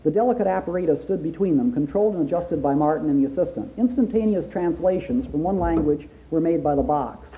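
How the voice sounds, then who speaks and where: A man's voice: on the high side, expressive, quick pace, few pauses, a little hiss or hum. A man reading a story aloud to his listeners and stopping now and then to add his own comments. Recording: tinny phone-like sound.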